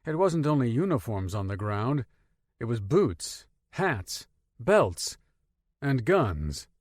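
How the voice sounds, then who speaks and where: A man narrating an audiobook in an expressive storytelling manner, close to the mic. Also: mid-range voice, takes it slowly, no echo. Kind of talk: scripted narration.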